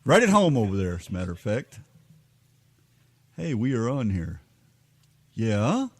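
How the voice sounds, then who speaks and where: A man from Kentucky chats loosely on live radio, stalling and joking as he digs through his music. His voice swings widely in pitch. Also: sing-song, measured pace, slightly rough. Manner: rambling, joking, stalling while he hunts for songs. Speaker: radio show co-host. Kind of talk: casual live radio chat.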